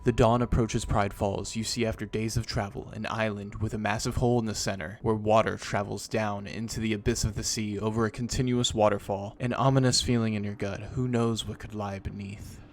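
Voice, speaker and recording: A man narrating as the game master of a tabletop role-play game, setting scenes in a measured, dramatic way. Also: lowish voice, level tone, slight background noise.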